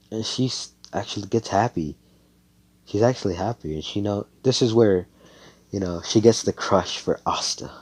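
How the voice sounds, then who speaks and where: A man's voice: fairly low pitch, moderate pace, darkish tone, breathy edge, low-quality recording. A young man casually telling a fan-made story over voice chat, rambling, swearing and correcting himself. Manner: rambling, profane, self-correcting. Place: home, on a voice chat. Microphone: computer headset mic.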